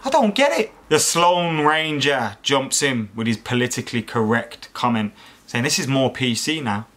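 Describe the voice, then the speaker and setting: A man's voice: medium pitch, normal speed, bright, forceful tone. A man hosts a comedy vlog, reading online comments aloud and mocking them with sarcastic, exasperated rhetorical questions and plenty of swearing. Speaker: YouTube host reacting to online comments.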